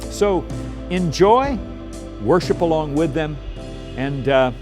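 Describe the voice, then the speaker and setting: Animated male preacher, lively swings. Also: on the high side, slow, music in the background. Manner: animated, acts out quoted lines with big swings of loudness. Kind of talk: video sermon.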